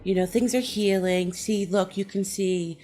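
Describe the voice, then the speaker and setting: Woman putting on a breezy, high-voiced young woman. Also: steady tone, unhurried, dark tone, natural voice. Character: chatty young woman telling of her injury.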